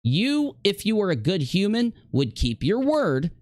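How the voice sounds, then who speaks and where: A man's voice: sits high, wildly swooping pitch, unhurried, darkish tone, no echo, clean studio sound. A man streamer in a heated livestream rant, confrontationally addressing a rival directly.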